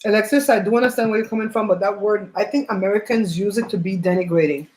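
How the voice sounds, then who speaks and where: Woman host, chatty livestream storyteller, middle pitch, roomy laptop sound. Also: fast talker, a little mellow. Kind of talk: casual chat while eating on a livestream. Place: home. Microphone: laptop mic. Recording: roomy home room on laptop mic.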